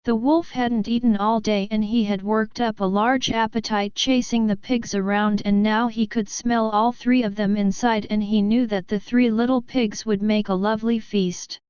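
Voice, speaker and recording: A woman narrating a children's story with deliberate, expressive storytelling. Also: mid-range voice, clear, resonant tone, dry recording. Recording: dull lo-fi recording.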